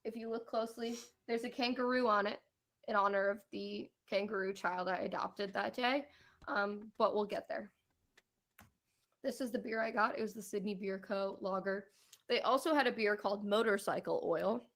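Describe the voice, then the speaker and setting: A woman's voice: medium pitch, fairly even intonation, moderate pace, fairly bright tone. A young woman co-hosting a podcast, chatting casually about a trip, laughing often and acting out what people said. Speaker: podcast co-host.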